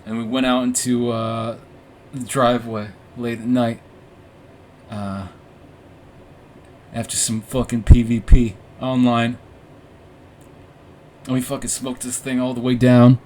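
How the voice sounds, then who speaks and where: A man's voice: mid-range voice, little pitch movement, unhurried, long pauses, darkish tone, a little hiss or hum. A young man hosting a podcast, telling a story casually, rambling and swearing, with frequent laughs. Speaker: podcast host.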